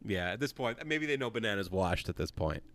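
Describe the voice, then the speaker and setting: A man co-hosting a casual podcast, talking in a rambling, halting way with many fillers. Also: lowish voice, animated, a crowd in the background. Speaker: podcast co-host.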